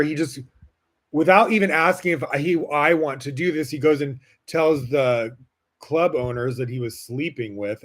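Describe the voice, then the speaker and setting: Man telling a frank personal story. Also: medium pitch. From Las Vegas, United States. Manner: casual, heavy use of "like" fillers, frank and animated. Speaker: podcast host.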